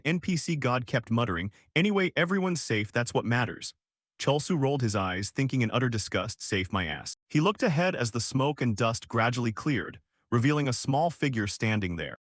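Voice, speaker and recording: Steady male story narrator, dry sound. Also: mid-range voice, a little fast, few pauses, dry recording. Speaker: recap narrator.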